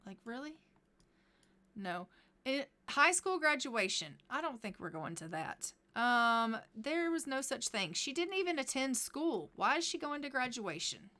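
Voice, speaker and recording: Bright, chatty woman streamer. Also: high-pitched, very animated, a little slow. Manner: chatty, narrates what her characters say. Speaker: game streamer. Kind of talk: live gameplay commentary.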